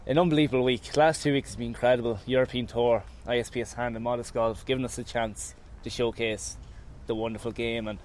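Fresh off a golf win, this man gives an emotional post-round interview, talking about his round and his family, thanking people, and mentioning his nerves. His mid-range voice is steady and somewhat dark, and he talks fast with hardly any pauses. Faint outdoor noise sits in the background.

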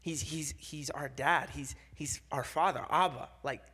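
A man's voice: on the high side, measured pace, bright, forceful tone, slightly rough. A young man giving a casual sermon, talking loosely with many fillers and repeats and acting out quoted voices.

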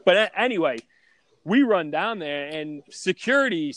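A man spinning a rowdy, profane story for a podcast, talking loud and animated. His voice sits fairly high for a man. The recording is close and dry, with almost no room sound. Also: normal speed, dry recording. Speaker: guest storyteller.

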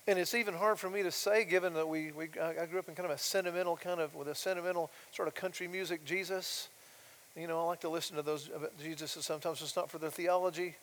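Male pastor, high voice, shifts between loud emphatic lines and soft quiet asides; large reverberant sanctuary. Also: fairly even intonation, fast talker. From United States. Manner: swings from loud emphatic declarations to soft quiet asides, asks rhetorical questions. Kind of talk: sermon. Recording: long reverb of a large hall.

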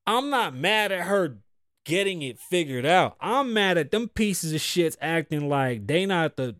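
A man's voice: on the high side, measured pace, no room sound, clean studio sound. A man hosting his own show, ranting in casual commentary with profane outbursts and muttered asides. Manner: animated, profane, swings between loud outbursts and muttered asides. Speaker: podcast host.

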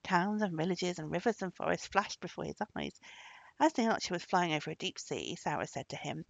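A woman tells a folk tale in a storybook narration with a lively, swinging intonation. Her voice has a gravelly texture. The recording is dry and sounds dull and lo-fi. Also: on the low side, a little fast, no room sound.

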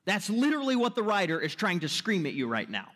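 A man's voice: high voice, sing-song, fast, fairly bright tone. A man preaching a sermon as pastor, emphatic, posing rhetorical questions and checking in with the listeners. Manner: checks in with "right?" and "okay?".

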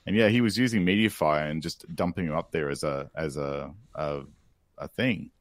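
A man's voice: a bass voice, moderate pace, dry recording, studio quality. A man co-hosting a podcast in easygoing chat, chuckling with many fillers. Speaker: podcast co-host.

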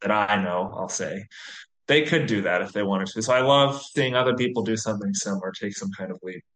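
A man in his thirties from the US, relaxed and chatty as an interview guest, full of "you know"s. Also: lowish voice, a little fast, echoey room. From US, near Atlanta. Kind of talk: casual interview.

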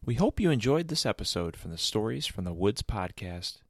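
A man hosting a podcast, reading a scripted outro in a measured, formal way. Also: on the low side, very animated. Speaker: podcast host.

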